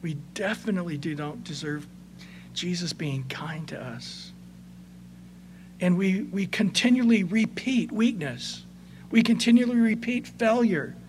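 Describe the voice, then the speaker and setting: A man preaching a sermon as pastor, conversational, moving between soft passages and emphatic points. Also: high-pitched, unhurried, slight background noise.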